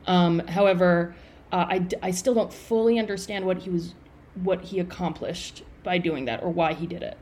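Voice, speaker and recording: A woman's voice: on the low side, normal speed, a little mellow, a little hiss or hum. A woman talks through film trivia she has looked up, in a casual movie review chat. She is chatty and leans on fillers as she goes. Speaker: podcast co-host.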